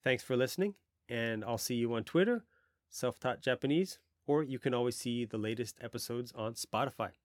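A man hosting a podcast language lesson, explaining patiently and modelling pronunciation slowly. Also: medium pitch, dry recording, clean studio sound. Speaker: language teacher and podcast host.

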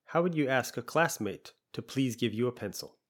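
In this language lesson, an animated man with a medium-pitched voice explains things patiently and repeats example phrases at a slow pace.

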